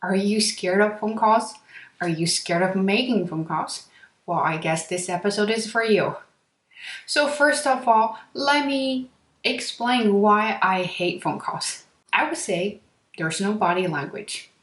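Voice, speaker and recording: A woman hosting an English-lesson podcast. She talks fast and lively and speaks straight to her listeners. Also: medium pitch. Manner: fast-talking, lively, addresses listeners directly. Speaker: English teacher and podcast host. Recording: echoey room.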